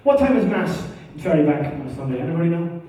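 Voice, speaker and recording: A man with an Irish accent doing a stand-up comedy set, animated and swearing, acting out quick characters. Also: fairly high pitch, very echoey, long reverb tail, distant mic, poor audio. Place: theatre stage before a live audience.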